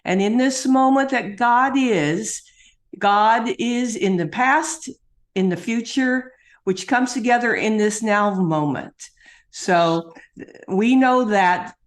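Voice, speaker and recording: A woman minister leading a calm, measured spoken prayer. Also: a little high.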